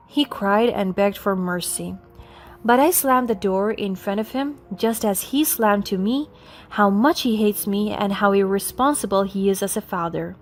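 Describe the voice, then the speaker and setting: A woman's voice: mid-range voice, moderate pace. A woman narrating a first-person story in a cool, matter-of-fact way over faint music.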